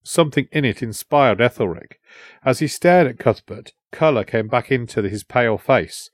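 A man reading a historical adventure novel aloud in a measured storytelling voice. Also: mid-range voice, animated, no echo. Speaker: audiobook narrator. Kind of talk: storytelling narration.

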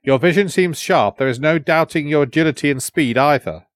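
A man's voice: a little high, fairly quick, dry recording, clean studio sound, voice pushed up, lightly acted. Sabat, a sneering old warrior, read by a man. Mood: scornful. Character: scornful older male warrior, mocking and blunt.

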